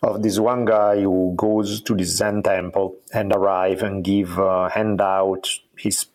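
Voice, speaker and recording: Man, podcast host, low voice, rambling storyteller, casual swearing. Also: level tone, takes it slowly, darkish tone. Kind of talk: casual conversational interview.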